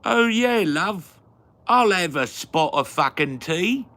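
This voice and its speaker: A man's voice: mid-range voice, very animated, unhurried, vocal fry, fairly bright tone, pitched above the performer's own voice, heavily acted. A man putting on an exaggerated British voice as a cheeky man ordering tea, swearing and over the top.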